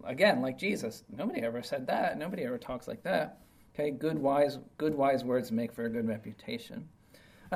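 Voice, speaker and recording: A man's voice: mid-range voice, a little mellow, breathy edge. Chatty man teaching a Bible lesson. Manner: conversational, checks in often with "right?" and "okay?"; plainspoken, explains verses with everyday examples. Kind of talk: informal Bible study lesson.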